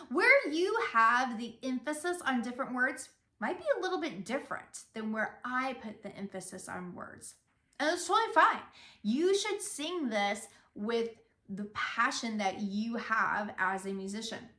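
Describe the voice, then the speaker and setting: A woman's voice: a little high, expressive, measured pace, pushed and bright. A woman singing teacher giving a vocal lesson, patiently speaking lyric lines aloud to show where the emphasis falls. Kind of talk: vocal lesson with spoken demonstrations. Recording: roomy, echoey room.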